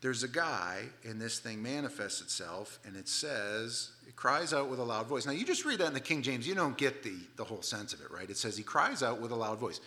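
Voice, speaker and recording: A man's voice: medium pitch, sing-song, brisk, few pauses, pushed and bright. A male pastor delivering a sermon in an emphatic, conversational way.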